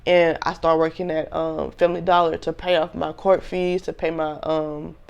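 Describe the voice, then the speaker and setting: Young woman, gravelly voice, casual storytelling, candid, slangy, talks to viewers. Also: low-pitched, little pitch movement, normal speed, darkish tone. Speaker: vlogger telling a personal story.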